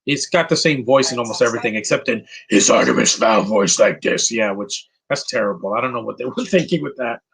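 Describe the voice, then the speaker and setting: Rambling opinionated man with a husky voice. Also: mid-range voice, expressive, fast talker, hardly any pauses, a bit bright, low-quality recording. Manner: rambling, opinionated, frequent fillers and restarts. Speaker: movie commentator. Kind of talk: casual live movie commentary.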